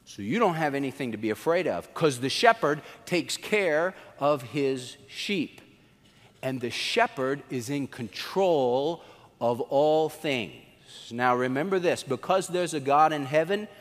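Brief: a conversational male pastor delivering a sermon, voice on the high side, long hall echo. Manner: animated storyteller, conversational.

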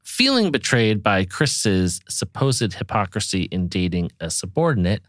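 A man's voice: fairly low pitch, very animated, unhurried, a bit bright, dry recording, clean studio sound. A man hosting a podcast in casual chat, musing enthusiastically and reading out a synopsis. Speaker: podcast host.

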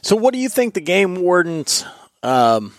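A man's voice: high-pitched, big pitch swings, measured pace, no echo, clean studio sound. A man hosting a podcast, asking a question with hesitant fillers. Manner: hesitant, lots of fillers while forming a question. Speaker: podcast host. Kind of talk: interview questions.

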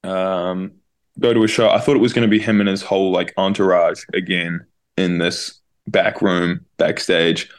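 A young New Zealand guest musician in his twenties spins a loose, casual story over video call, saying "like" again and again. His voice sits low, with a flat delivery and a moderate pace.

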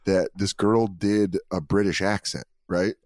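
A comedian guest from Colorado telling loose, joking stories with plenty of swearing in a casual podcast chat. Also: male voice, low voice, steady tone, unhurried, a little mellow, dry recording, studio quality. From Colorado, USA. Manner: swearing, storytelling, jokey.

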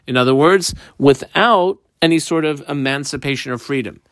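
A man's voice: on the high side, normal speed, a bit bright. Guy going through talmud line by line, translating every bit, methodical, dry no-echo sound. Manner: methodical, translates each phrase and marks up the text as he goes. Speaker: Talmud teacher. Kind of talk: line-by-line Talmud study lesson.

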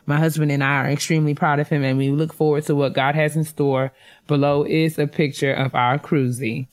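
Woman, deep voice, podcast co-host, encouraging, reads emails. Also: little pitch movement, a little fast. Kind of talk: casual chat, reading listener emails.

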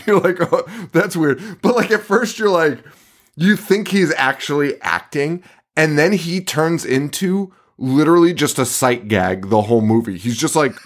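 A man's voice: on the high side, animated, unhurried. A man co-hosting a casual movie podcast, swearing often, laughing and acting out lines from scenes. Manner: profane, laughing, acts out quotes. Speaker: podcast co-host. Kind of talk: casual chat reviewing a movie.

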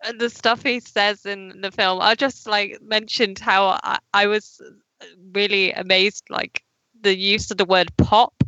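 A woman's voice: mid-range voice, flat delivery, a little slow, sharp tone, dry recording, dull audio. A woman co-hosting a casual film review podcast, chatty and laughing often.

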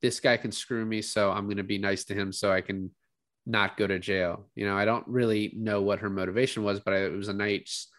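Male co-host, lowish voice, animated casual recap, dry close sound. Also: a little fast, no echo. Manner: animated retelling, acts out quotes, swears freely. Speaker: podcast co-host. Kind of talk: casual movie review chat.

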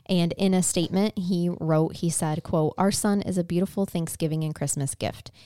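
A woman with a somewhat low voice co-hosts a true-crime podcast. She tells the story in a casual, heartfelt way and swears now and then. Her voice is recorded close and dry. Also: fairly even intonation, normal speed, mellow, no room sound. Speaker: podcast co-host.

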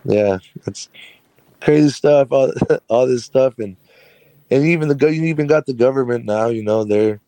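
A man's voice: mid-range voice, moderate pace, mellow, clean tone, no room sound. A man who runs a carpentry business, telling a personal story as an interview guest in a chatty, rambling way with frequent laughs.

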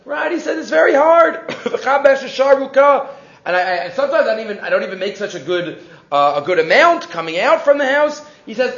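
Animated high-voiced man teaching Torah. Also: normal speed, reverberant, dull audio. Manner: animated storytelling, mixing Hebrew and English, frequent restarts. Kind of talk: weekly Torah class.

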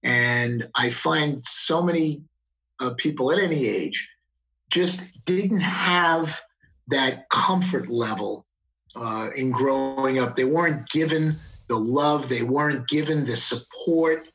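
This is a middle-aged man speaking as a guest and father. He talks in a very unhurried, reflective way, often pausing and restarting his thoughts, in an ordinary mid-range voice. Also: medium pitch, fairly bright tone, rough recording. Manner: slow, reflective, full of pauses and restarts. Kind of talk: casual conversation.

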